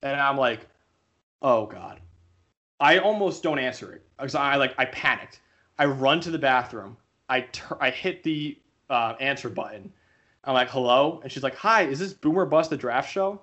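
At normal speed and medium pitch, a young man co-hosting a podcast spins a casual story. He stays animated throughout, performing the voices of anyone he quotes.

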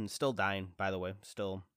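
Man, 30s, low voice, congested chest, rambling casual host, self-deprecating, dry close sound. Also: vocal fry, no echo. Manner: rambling, self-deprecating, lively quoted reactions. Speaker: podcast host. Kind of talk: casual chat.

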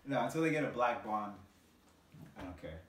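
A man's voice: lowish voice, animated, moderate pace, distant mic. A young man co-hosting a casual podcast who swears freely and laughs easily. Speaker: podcast co-host. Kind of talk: casual chat. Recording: echoey room, voice from off-mic, faint ambience.

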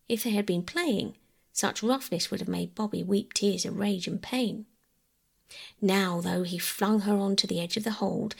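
A woman storyteller reading a classic children's novel aloud as a calm bedtime story. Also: medium pitch, vocal fry, breathy edge.

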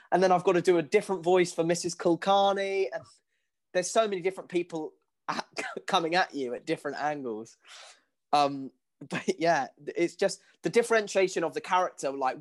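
Lively, laughing higher-voiced actor. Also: male voice. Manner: animated, laughs often, quick bursts with restarts. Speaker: stage actor answering audience questions. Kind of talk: casual Q&A talk.

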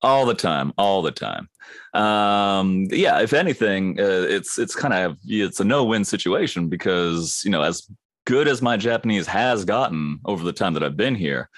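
A man's voice: low-pitched, normal speed, dry recording, studio quality. A man who works as a voice actor, chatting casually and slipping into mock voices as he tells stories. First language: English. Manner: animated, slips into mock voices while telling stories. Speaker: voice actor guest. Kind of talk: casual chat.

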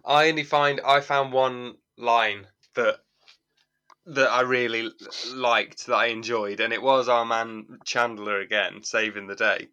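A man's voice: medium pitch, fairly even intonation, unhurried, pushed and bright, smooth, lo-fi sound. A man, co-hosting a podcast, recapping an episode in rambling, amused casual chat. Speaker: podcast co-host.

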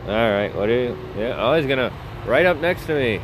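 A man's voice: mid-range voice, big pitch swings, normal speed, a little hiss or hum. A man rambling and joking to his viewers in a casual vlog, self-mocking and chatty. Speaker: vlogger.

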